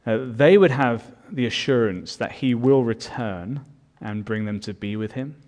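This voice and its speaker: A man's voice: mid-range voice, a little slow, a little mellow. A man preaching a sermon as pastor, earnest and building in volume on his key points.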